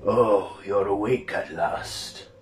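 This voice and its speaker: A man's voice: lowish voice, slow, faint music behind, rough recording. A man doing a blunt fifty-seven-year-old drinker. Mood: puzzled.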